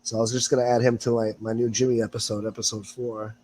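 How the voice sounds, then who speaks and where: A man's voice: medium pitch, level tone, quick pace, a little mellow. A man chatting as a guest about his videos, easygoing and profane. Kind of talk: casual chat.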